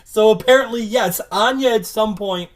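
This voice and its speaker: A man co-hosting a podcast, chatting casually and profanely with a laid-back, deadpan manner. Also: high-pitched, normal speed. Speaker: podcast co-host. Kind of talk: casual profane recap chat.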